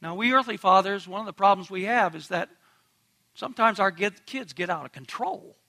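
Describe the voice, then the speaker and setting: A man's voice: high voice, a little fast, pushed and bright. A man pastor preaching a sermon in an earnest, emphatic way, asking the congregation direct questions.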